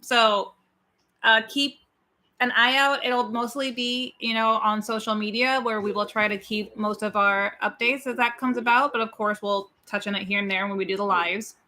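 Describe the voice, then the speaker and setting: Female livestream co-host, bright, slightly high, chatty and warm-humored. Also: fairly even intonation, normal speed. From Pasadena, California. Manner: chatty, laughs easily, announces plans. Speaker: co-host of a horror watch-party livestream. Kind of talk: casual livestream chat.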